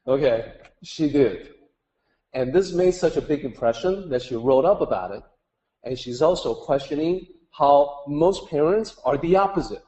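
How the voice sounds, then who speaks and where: A man's voice: fairly high pitch, animated, a little slow, mellow, lo-fi sound. A man teaching a group, telling a story in a conversational way with many "you know" asides. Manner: acts out quoted voices in story. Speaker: Daoist teacher.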